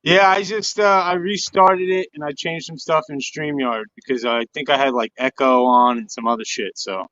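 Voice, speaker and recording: Rambling caller on lo-fi audio. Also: male voice, medium pitch, steady tone, moderate pace, few pauses, a bit bright, no room sound. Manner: rambling, loose and chatty. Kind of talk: casual call-in chat. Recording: dull lo-fi online stream audio.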